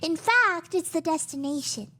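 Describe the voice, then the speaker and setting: A woman's voice: extremely high pitch, lively intonation, normal speed, pushed and bright, slight background noise. A woman speaking in a smug, playful way.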